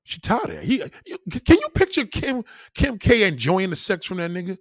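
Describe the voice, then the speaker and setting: A man rants on his podcast in a crude, comedic way, swearing and laughing as he goes. His voice sits a little high and swings up and down a lot. It is recorded dry and close. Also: brisk, no room sound. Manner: animated, profane, laughing asides. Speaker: podcast host.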